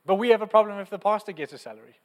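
A young man preaching a sermon, telling stories in a lively, conversational, fervent way. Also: high-pitched, rapid-fire. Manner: animated storytelling, conversational and fervent. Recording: long hall reverb.

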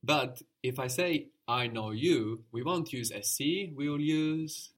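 A man's voice: mid-range voice, slow. A man teaching a language lesson, explaining step by step and repeating the learner's answers patiently.

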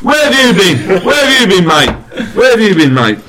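A man putting on a hot-headed British action star who shouts back insults and repeats himself. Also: high-pitched, sing-song, normal speed, over a noisy crowd, voice pushed up. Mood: indignant. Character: tough-talking British action hero, touchy, aggressive.

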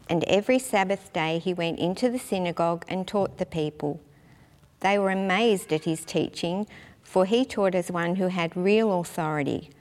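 Woman reading scripture in a reverberant hall. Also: lowish voice. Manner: measured, steady reading. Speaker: scripture reader. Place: church.

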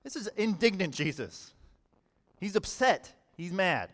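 A man preaching a sermon in a conversational way, often saying "all right" and swinging between quiet and loud passages. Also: sits high, very animated, unhurried. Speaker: pastor.

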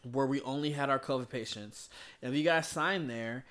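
Smooth-voiced man chatting casually. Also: medium pitch, moderate pace, fairly bright tone. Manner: rambling, profane, many fillers. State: tired. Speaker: emergency room nurse. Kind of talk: casual podcast chat.

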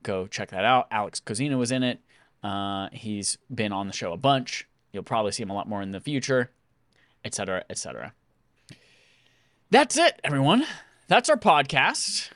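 A man's voice: lowish voice, fairly quick, no echo. A man hosting a podcast, talking in a casual, jokey way as he signs off the show into a studio microphone. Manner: jokey, animated. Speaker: podcast host.

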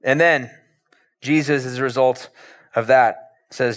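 A male pastor delivers a sermon in a relaxed, conversational way and tells stories with plenty of animation. His voice sits at an ordinary middle pitch. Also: measured pace.

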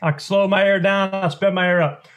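A man's voice: high voice, fairly even intonation, normal speed, a bit bright. A man, a duck call maker explaining calling technique in a rambling, folksy way during a podcast interview.

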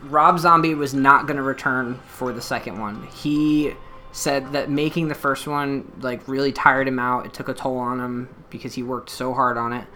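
Bright-voiced man reviewing horror films. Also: mid-range voice, moderate pace, a little hiss or hum. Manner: animated, swearing, many fillers. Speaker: podcast co-host. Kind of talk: casual movie review chat.

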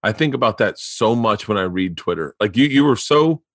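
Man, podcast host, profane animated storyteller, dry close sound. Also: lowish voice, normal speed, dry recording. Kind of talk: casual chat.

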